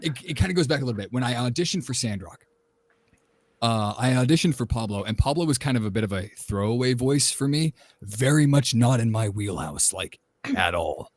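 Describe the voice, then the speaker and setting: A man, a voice actor on a panel, telling a relaxed and enthusiastic story about his work. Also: mid-range voice, fairly quick. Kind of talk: casual panel talk.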